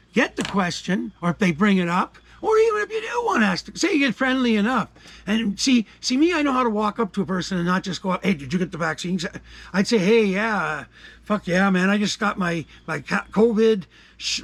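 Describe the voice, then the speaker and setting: An older man from Canada ranting his opinions in a combative, profane way, dropping to mutters and rising to shouts. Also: high voice, gravelly, no room sound. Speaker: commentary vlogger. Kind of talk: angry opinion rant.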